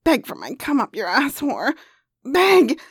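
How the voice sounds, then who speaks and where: A woman voicing a rough, domineering man who growls crude commands. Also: high-pitched, huge pitch swings, measured pace, no room sound, studio quality, full character voice. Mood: commanding.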